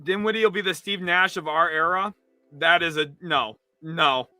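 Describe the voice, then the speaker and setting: A young man hosting a sports livestream, reacting in an exasperated rant that swings between loud outbursts and low mutters. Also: normal speed, no room sound. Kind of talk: live reaction commentary.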